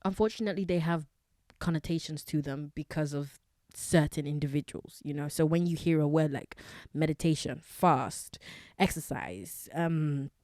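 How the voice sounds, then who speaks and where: Woman, low-pitched, chatty, self-correcting, casual podcast host, dry close mic. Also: moderate pace, dark tone, dry recording. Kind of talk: casual solo podcast talk on wellness.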